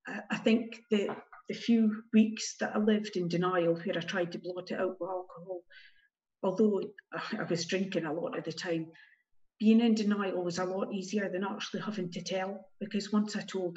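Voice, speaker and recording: A woman guest giving candid spoken testimony, emotional and halting, with wry asides. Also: mid-range voice, steady tone, darkish tone. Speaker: guest telling her story. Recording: dull lo-fi recording.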